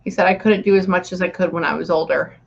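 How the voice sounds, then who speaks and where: A woman's voice: lowish voice, fairly even intonation, fast, gravelly, husky, highs cut off. A woman psychic medium in a casual reading session, relaying messages and often saying "okay" and "hang on".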